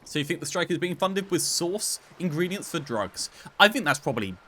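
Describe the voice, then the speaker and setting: Chatty bright-voiced man commentating a game. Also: on the high side, big pitch swings, a little fast, a little hiss or hum. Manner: chatty, wry, reads game dialogue aloud. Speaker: gaming channel host. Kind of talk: casual gameplay commentary.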